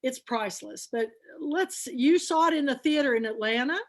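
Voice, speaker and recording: A woman's voice: sits high, expressive, normal speed. A woman hosting an online book and film club, telling long rambling stories in a casual, chatty way. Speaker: host.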